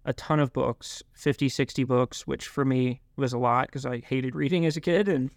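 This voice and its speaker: A young man telling his life story in an interview, halting, with many fillers and restarts. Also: mid-range voice, fairly even intonation, no room sound, clean studio sound. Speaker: guest. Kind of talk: reflective interview talk.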